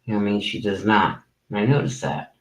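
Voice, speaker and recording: A man's voice: lowish voice, quick pace, reverberant, low-quality recording. A man hosting a commentary channel, ranting in a profane, incredulous way and saying he is tired.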